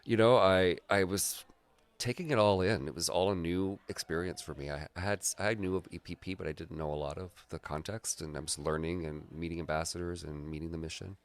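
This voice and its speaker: A man's voice: low-pitched, steady tone, a little fast, clear, resonant tone. A man talking as a guest in a casual conversation, reflective and earnest in manner. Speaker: graphic artist and guide, guest.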